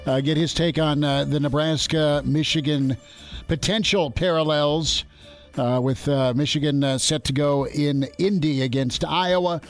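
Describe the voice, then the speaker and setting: A man's voice: a little high, steady tone, unhurried, faint music behind. A male sports radio host talking casually with a guest, with frequent "uh" fillers and easy laughter. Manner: chatty, lots of "uh" fillers, laughs easily.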